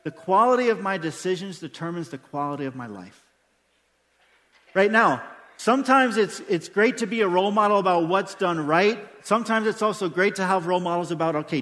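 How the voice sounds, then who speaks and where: A pastor delivers an emphatic sermon, throwing rhetorical questions at his congregation. His voice sits high for a man. The sound carries the long reverb of a church hall. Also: fairly bright tone. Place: church sanctuary during a service.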